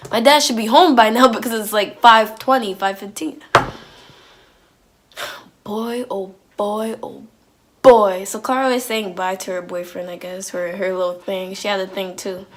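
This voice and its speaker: A woman telling a personal story on her vlog in an animated, slangy way, full of "like"s and restarts. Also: medium pitch, measured pace. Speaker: vlogger.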